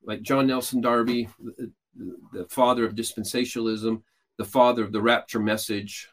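A man's voice: mid-range voice, little pitch movement, normal speed. Rambling middle-voiced male host. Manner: rambling, with many restarts and filler sounds. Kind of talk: casual teaching talk.

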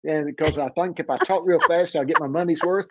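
A man preaching on a talk show, fervent and fast, often repeating and stumbling over his words. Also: fairly high pitch, steady tone, noisy background. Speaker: guest preacher.

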